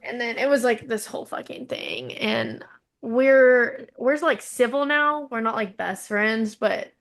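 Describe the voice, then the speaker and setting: A woman with a fairly high voice tells a long story on a casual podcast. She rambles, drops in fillers and acts out the quotes of the people in it. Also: big pitch swings, measured pace, fairly bright tone. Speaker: podcast co-host.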